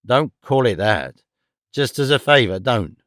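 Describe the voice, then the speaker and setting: A narrator puts on a shifty, fawning schoolmaster with rough rustic speech. He wheedles and dodges, and the voice sits dry and close. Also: mid-range voice, normal speed, no room sound, lightly acted. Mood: pleading. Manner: evasive and wheedling, broad rustic grammar. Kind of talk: audiobook character voice.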